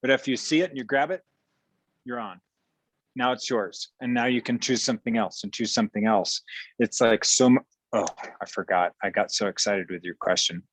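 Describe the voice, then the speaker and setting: A man's voice: medium pitch, normal speed, no room sound, rough recording. Blunt man coaching on a call, dry sound. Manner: blunt and irreverent, with sudden jokes. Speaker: facilitator speaking through an interpreter. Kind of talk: casual spoken coaching on a call.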